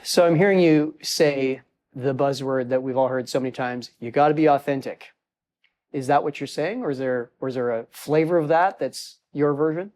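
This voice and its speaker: A man's voice: medium pitch, normal speed, darkish tone. A man hosting an interview and asking questions in a conversational, slightly wry way. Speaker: host.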